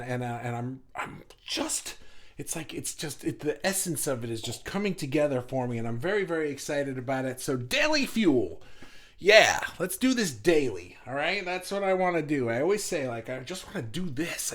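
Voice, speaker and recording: A middle-aged man hosting a casual livestream for an online group. He talks in a rambling, chatty way and restarts his sentences often. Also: a little high.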